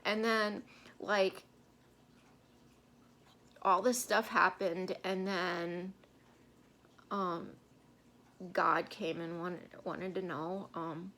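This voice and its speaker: A woman's voice: lowish voice, fairly even intonation, drawn-out words, long pauses, bright, forceful tone. A woman co-hosting a casual Bible-study chat, telling stories in a rambling way with many fillers. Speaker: co-host.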